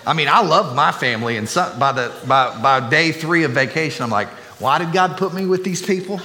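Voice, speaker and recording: A middle-aged man with a drawl delivers a sermon, slipping into playful asides between points. His voice sits a touch high and rings bright and forceful. It carries through a church hall with a long reverb tail over faint room ambience. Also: animated, brisk. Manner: chatty, joking asides to the congregation. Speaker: pastor. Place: church sanctuary.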